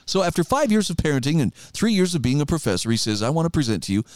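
A man's voice: a little high, big pitch swings, quick pace, darkish tone, no echo, clean studio sound. A middle-aged man hosting a talk radio show, reflecting conversationally and reading articles aloud with emphasis.

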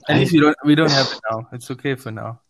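A man's voice: mid-range voice, fast talker. A young man chatting casually, mostly dropping in short teasing remarks. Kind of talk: casual chat.

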